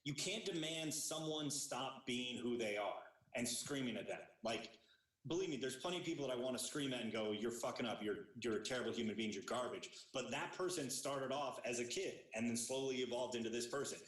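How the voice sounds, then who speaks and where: Rambling podcast host, roomy sound. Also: male voice, medium pitch, fairly bright tone, far from the mic. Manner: rambling, hesitant, thoughtful. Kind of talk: casual podcast chat. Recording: echoey room, voice off mic.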